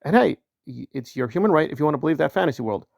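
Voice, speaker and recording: A man delivering a heated solo commentary, his voice gravelly and fairly high for a man. He hammers points with repetition and slips into sneering mock-quotes. Recorded close and dry. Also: lively intonation, very fast, darkish tone, no room sound. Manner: mocking put-on quotes in raised pitch. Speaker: commentary channel host.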